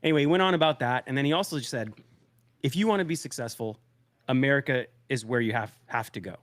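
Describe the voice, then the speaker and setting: Male podcast co-host, mid-pitched, chatty anecdote-teller, loose and filler-heavy. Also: fast talker, dry recording. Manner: rambling storyteller, quotes others, many fillers. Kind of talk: casual chat, retelling a friend's story.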